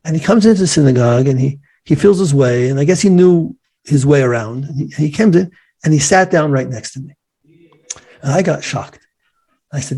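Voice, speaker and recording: A man in his forties, a guest in an interview, telling a personal story in an earnest, halting way with many restarts. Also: on the high side, lively intonation, warm tone.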